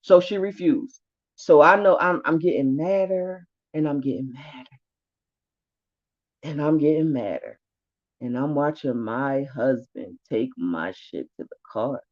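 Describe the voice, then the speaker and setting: Woman vlogger, low voice, blunt and profane storytelling; dull lo-fi recording. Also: animated, unhurried, darkish tone. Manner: profane, blunt, rising anger. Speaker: vlogger telling her eviction story. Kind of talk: heated casual storytelling.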